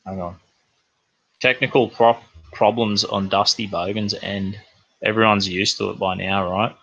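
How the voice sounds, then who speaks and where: Sweary Australian bloke ranting forcefully. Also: male voice, on the low side, steady tone, a little slow, gravelly, husky, no room sound, muffled recording. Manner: rambling, sweary, blokey slang. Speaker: livestream news host. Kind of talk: crude comedic news rant.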